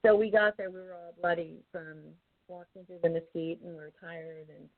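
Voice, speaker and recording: A woman's voice: on the low side, fairly even intonation, normal speed. A woman paranormal investigator telling a story in a rambling way, with many ums and restarts. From Arizona. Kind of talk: casual interview storytelling. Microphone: remote call mic, drifting off-mic. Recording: tinny phone-like call line.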